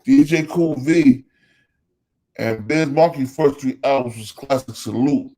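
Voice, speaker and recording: A man's voice: medium pitch, unhurried, dark tone. A man with a New Jersey accent, a host giving a casual monologue, calling out names and repeating his phrases for emphasis. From Elizabeth, New Jersey.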